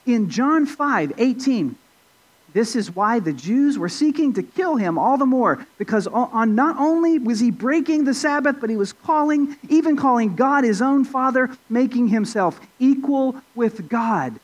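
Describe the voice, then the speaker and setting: Guy preaching a sermon, pretty high voice, chatty, lots of ums and restarts, gets louder to make a point. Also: animated, a little slow, low-quality recording. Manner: conversational, with frequent fillers and restarts; rises in pitch and volume for emphasis. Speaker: pastor. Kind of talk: expository sermon.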